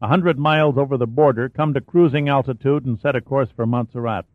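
A man's voice: mid-range voice, brisk, dry recording, natural voice. A man reading an audiobook, voicing a cold, contemptuous male hired killer. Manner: contemptuous and sneering. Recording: dry, phone-like narrow sound.

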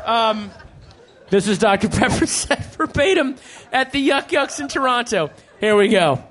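High-voiced excitable man. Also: measured pace. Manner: excitable, laughing as he talks. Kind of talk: casual chat.

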